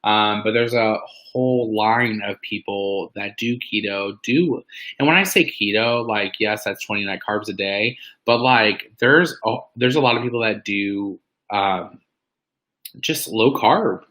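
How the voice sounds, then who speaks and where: A man's voice: lowish voice, a little slow, a bit bright, rough recording. A man giving a casual, fired-up motivational talk to an online weight-loss group, full of "like" and "um". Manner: chatty, fired-up, preachy bursts, lots of "like" and "um". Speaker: weight-loss community member speaking on a live meeting.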